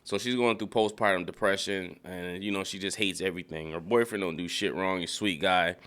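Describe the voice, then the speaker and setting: A man casually recapping a TV episode, animated and profane, laughing often and mimicking characters in a high voice. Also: brisk. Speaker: TV recap reviewer. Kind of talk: casual spoken show recap. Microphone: studio dynamic mic.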